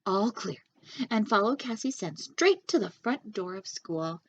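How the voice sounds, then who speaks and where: A woman, a children's librarian, reading a picture book aloud with animated, expressive storytelling. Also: medium pitch, measured pace. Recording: dull lo-fi sound.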